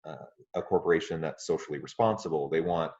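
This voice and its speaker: A man hosting a podcast interview, speaking in a polite, measured way with frequent ums. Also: rumbling low, darkish tone. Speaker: podcast host. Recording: muffled lo-fi audio.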